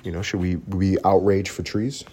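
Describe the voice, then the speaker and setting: A man hosting a solo comedy podcast, ranting loudly with a lot of swearing and acting out the people in his stories. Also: deep voice, normal speed, a little hiss or hum. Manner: animated ranting, swearing, acts out voices. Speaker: podcast host.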